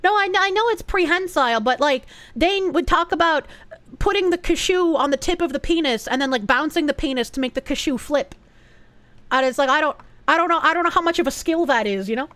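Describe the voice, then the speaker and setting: A young woman streamer rambles through a casual live chat, swearing freely and thanking donors. Her voice sits fairly high. The sound is dry and close, with no room echo. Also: expressive, brisk, fairly bright tone. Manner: rambling, profane, reads out donations.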